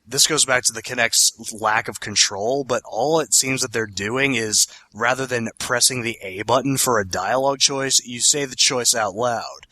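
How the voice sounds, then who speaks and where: A man's voice: mid-range voice, sharp tone. A man co-hosting a podcast, chatting casually about video games in a rambling, self-correcting, opinionated way. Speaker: podcast co-host.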